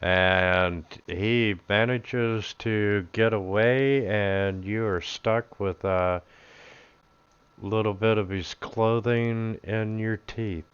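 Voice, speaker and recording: Male game master, low and very crisp, slow delivery, slightly dull lo-fi mic. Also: steady tone, dry recording. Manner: unhurried, chuckling narration. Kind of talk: narrating a tabletop game.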